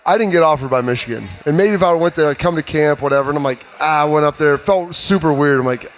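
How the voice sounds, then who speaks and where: A man in his thirties, a former player, telling animated stories in a casual sports talk panel. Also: a little high, fast, hardly any pauses. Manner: animated storyteller, acts out trash talk.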